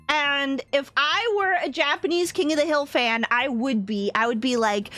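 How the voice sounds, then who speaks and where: A young woman streaming and chatting casually with viewers in an animated way, laughing often. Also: high voice, normal speed, hardly any pauses, soft background music. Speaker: vtuber streamer. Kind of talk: casual livestream chat.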